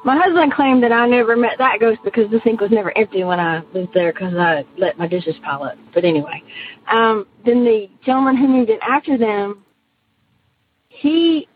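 A woman caller leaving a chatty, meandering voicemail for a podcast. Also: a little high. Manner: chatty, meandering, many fillers. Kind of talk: recorded voicemail message. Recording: tinny phone line.

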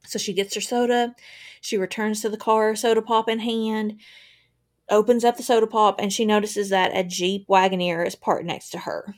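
A woman's voice: mid-range voice, steady tone, normal speed. A woman co-hosting a podcast, reading a true crime case aloud in a casual way, with long first-person quotes and asides. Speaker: podcast co-host.

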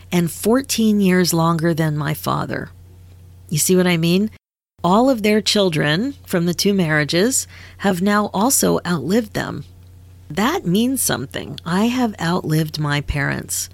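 A woman's voice: fairly low pitch, creaky, no echo. A woman in her fifties, a podcast host and midlife coach, telling her own story in a candid, conversational way with frequent laughs. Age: 50s. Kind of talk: personal storytelling monologue.

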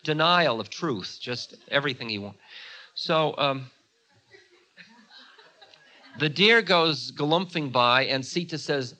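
A man's voice: a little high, expressive, unhurried, sharp tone. A man from the United States telling an old story in a chatty way, full of asides. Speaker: spiritual teacher. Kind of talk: storytelling talk.

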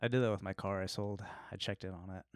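A man's voice: low-pitched, fairly even intonation, fast, dry recording, studio quality. A man co-hosting a podcast, asking curious questions and laughing often. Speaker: podcast co-host. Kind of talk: casual chat.

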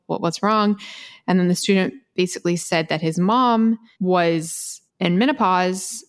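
A woman co-hosting a podcast, talking casually and quickly with frequent laughs and restarts. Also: on the low side. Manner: chatty, fast, laughs often, many restarts. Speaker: podcast co-host.

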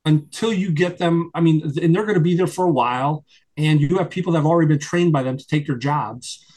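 Husky-voiced older man, rambling guest. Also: brisk, a little mellow. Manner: rambling with many restarts, rising in pitch when worked up. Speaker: guest, retired FBI agent and attorney. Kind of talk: conversational interview.

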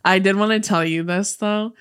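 Bright-voiced young woman chatting, laughing. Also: medium pitch, steady tone, moderate pace, smooth. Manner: chatty, laughs often, lots of fillers. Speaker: podcast co-host. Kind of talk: casual chat.

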